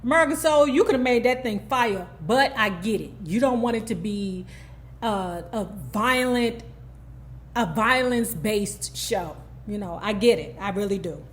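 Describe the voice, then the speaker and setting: A woman host giving a casual TV episode recap, animated and sassy, with lots of "okay?" asides, who acts out the characters' lines. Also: mid-range voice, normal speed, a little hiss or hum.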